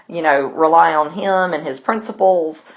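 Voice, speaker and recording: A woman with a notably low-pitched voice talks through a literature lesson. She paraphrases the chapter loosely and chattily, leaning on fillers as she goes. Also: normal speed. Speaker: literature teacher. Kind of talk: recorded lesson summarizing a novel.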